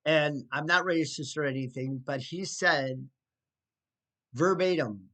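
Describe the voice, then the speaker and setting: A man recounts a neighbor dispute in an unhurried, casual storytelling voice. He sounds indignant and slips into sarcastic asides. His pitch sits a touch high for a man, and he often stops to restart a thought. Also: sharp tone. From United States. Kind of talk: casual spoken storytelling to camera.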